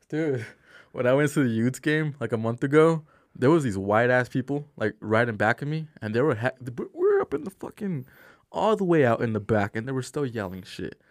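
A man's voice: medium pitch, moderate pace, no echo, studio quality. A young man in casual chat, ranting with slang and swearing. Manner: profane, animated ranting with slang.

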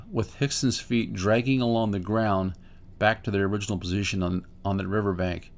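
A man's voice: on the low side, creaky. A man hosting a podcast, reading written accounts aloud and breaking off into his own plain spoken comments. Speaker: podcast host.

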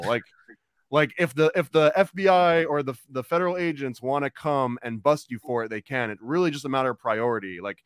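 A man's voice: fairly high pitch, moderate pace, clean tone, no echo, studio quality. A man from the United States hosting a casual podcast, rambling along with lots of filler words. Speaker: podcast host.

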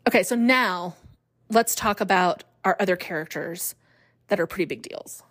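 A woman in her forties hosting a podcast in casual chat, chatty and animated, laughing often. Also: fairly low pitch, normal speed. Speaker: podcast host.

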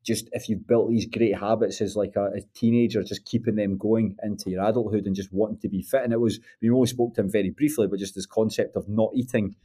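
Man, mellow low voice, podcast co-host, halting chat. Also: steady tone, slightly rough. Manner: halting, with many restarts.

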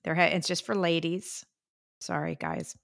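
An older woman co-hosting a podcast, chatting casually and telling stories with drawn-out fillers and sighs. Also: fairly low pitch, gravelly. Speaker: podcast co-host. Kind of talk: casual chat.

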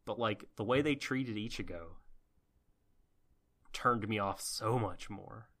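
A man's voice: on the low side, takes it slowly, sharp tone. A man co-hosting a podcast, talking through anime in a rambling, thoughtful way with many fillers. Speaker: podcast co-host. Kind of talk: casual anime review chat.

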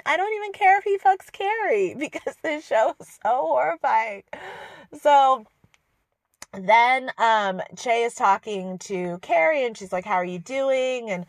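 A fairly high-pitched woman reviews a TV show on her podcast in a loose, ranting style, dripping with sarcasm, exasperated asides, and laughs. The audio is clean studio sound with no room tone.

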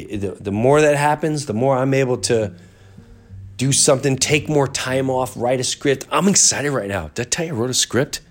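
A middle-aged man hosting a podcast, talking in a casual monologue with a congested, stuffy nose, earnest and reflective, often trailing off and restarting. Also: mid-range voice. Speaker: podcast host.

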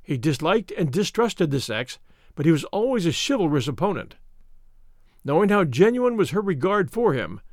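A man reading a classic detective story aloud in first-person audiobook narration, measured and expressive. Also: high voice, no echo, clean studio sound.

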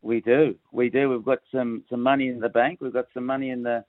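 A man, a sports commentator on radio, bantering in a relaxed way. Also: medium pitch, a little fast, dry recording. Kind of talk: casual sports radio chat. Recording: slightly dull studio sound.

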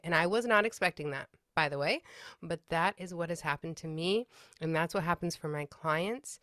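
A woman's voice: lowish voice, no echo, studio quality. A woman working as a grief counselor, telling a personal story in an earnest, reflective way as an interview guest. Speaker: pet loss grief counselor.

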